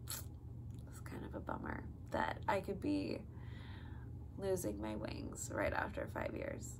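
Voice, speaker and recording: A woman's voice: on the low side, big pitch swings, slow pace, vocal fry, background noise. A young woman in her twenties, casually telling a personal story to the camera, chatty, with lots of fillers. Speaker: vlogger, flight attendant.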